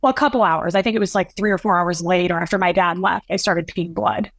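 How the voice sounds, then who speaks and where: A woman guest in an interview, recounting a painful personal story in a halting, emotional, long-winded way. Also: lowish voice, dry recording.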